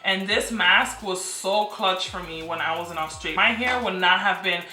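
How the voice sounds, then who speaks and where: A woman's voice: medium pitch, moderate pace, pushed and bright, echoey room. A young woman in her twenties chatting enthusiastically to camera in a casual vlog from her apartment. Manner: chatty, enthusiastic, repeats phrases for emphasis. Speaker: beauty and lifestyle vlogger. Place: apartment room.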